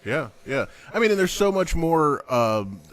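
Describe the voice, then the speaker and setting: A man hosting a podcast interview, encouraging his guest and quick to agree. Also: fairly high pitch, sing-song. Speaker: podcast host. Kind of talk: casual interview chat.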